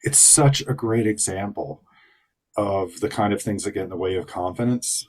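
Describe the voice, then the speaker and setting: A man with a very low voice speaks as a psychologist guest on a podcast. He answers in a thoughtful, reflective way and shapes his ideas as he talks. His delivery stays measured and calm.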